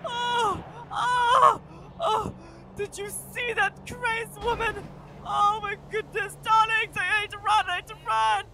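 A woman's voice: on the high side, expressive, normal speed, background noise, lightly acted. A woman voicing a dramatic, self-important female socialite vlogger who calls everyone darlings and shrieks when upset. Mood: panicked shrieking. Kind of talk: role-play vlogging.

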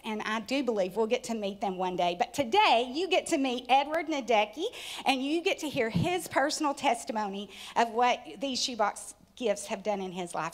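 Encouraging woman introducing a speaker. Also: fairly high pitch. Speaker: ministry representative. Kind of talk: church announcement. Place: church sanctuary.

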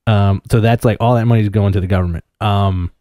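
A man's voice: lowish voice, fairly even intonation, a little fast, dark tone, no echo, clean studio sound. A man from New York co-hosting a comic book podcast, telling stories in a rambling way with lots of fillers. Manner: rambling, filler-heavy storytelling. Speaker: podcast co-host. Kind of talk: casual chat.

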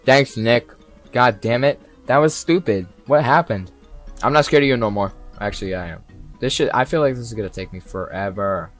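A young man doing live commentary on a horror game, excitable and swearing freely, talking straight to the characters and breaking into sudden yells. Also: mid-range voice, moderate pace. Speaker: streamer. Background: faint game music.

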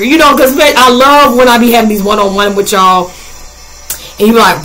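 Woman podcast host, casual and lively, plays every part of her stories herself. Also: on the high side, brisk, rough recording. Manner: chatty, animated, acts out both sides of conversations. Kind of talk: casual spiritual talk to listeners.

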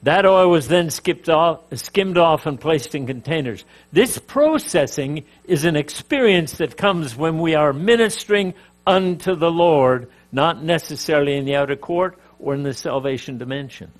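A man's voice: a little high, expressive, moderate pace. An older man from Canada teaching a sermon, emphatic, rising and dropping in volume, with asides and jokes to his audience. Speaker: preacher.

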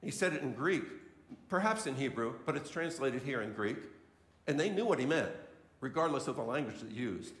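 A male pastor delivers an earnest sermon from the pulpit, doubling back on key phrases to press them home. His mid-pitched voice carries through an echoey church sanctuary. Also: expressive, fairly quick. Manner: earnest preaching, repeats key phrases for emphasis.

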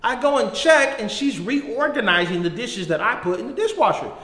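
Slangy high-voiced youth pastor. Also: male voice, moderate pace. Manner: slangy, animated storytelling. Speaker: middle school pastor. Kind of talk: casual youth sermon. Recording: echoey room with long reverb.

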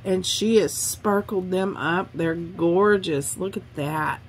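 A fairly low-pitched woman talks slowly while unboxing handmade cards on her craft channel, gushing over them in a casual, effusive way. A little hiss or hum runs under the recording.

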